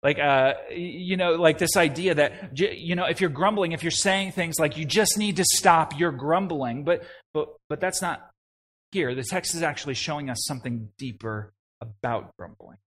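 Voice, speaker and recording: Animated young man preaching a sermon. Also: a little high, normal speed. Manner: animated, talks in restarts and asides. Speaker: pastor.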